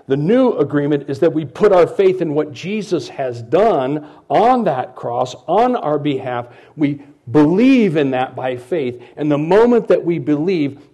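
A middle-aged man preaches to his congregation with a husky, slightly breathy voice. His tone is warm and mellow, and he moves from loud, emphatic declarations to quiet, almost whispered asides. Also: mid-range voice. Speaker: pastor. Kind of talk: sermon.

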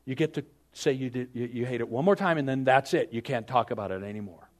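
A man preaching a sermon, telling stories and acting out grumbling people in raised voices. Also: fast. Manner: lively storytelling preacher, acts out complainers in higher voices. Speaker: pastor.

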